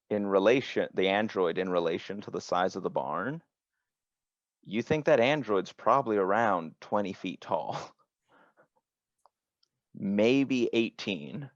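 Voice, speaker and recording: A man narrating as game master for a tabletop game, slow and halting with many restarts. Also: lowish voice, expressive, vocal fry, dry recording. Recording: dry, dull lo-fi sound.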